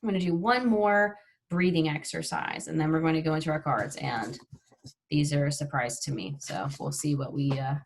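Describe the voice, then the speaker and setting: A woman's voice: low voice, moderate pace, gravelly, a little hiss or hum. A woman teaching an online mindfulness class, upbeat and chatty, guiding breathing exercises with frequent yawning.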